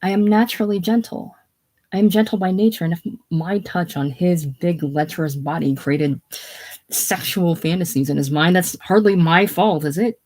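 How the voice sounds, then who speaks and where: A reader voicing a prim, gentle young newlywed wife who is wounded and close to tears, in a casual play reading. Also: mid-range voice, normal speed, natural voice, poor audio. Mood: indignant. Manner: wounded, indignant, near tears.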